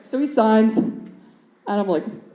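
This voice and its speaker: A woman's voice: fairly high pitch, a little slow, dark tone, echoey room, faint music behind, low-quality recording. A young woman in her twenties performing a stand-up comedy set in a nervous, rambling way, full of "like" fillers. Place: comedy club stage.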